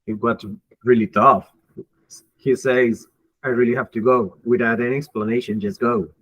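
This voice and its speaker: A man's voice: medium pitch, fairly even intonation, normal speed, breathy edge. Hesitant male student, dull audio. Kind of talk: reading practice dialogue in class.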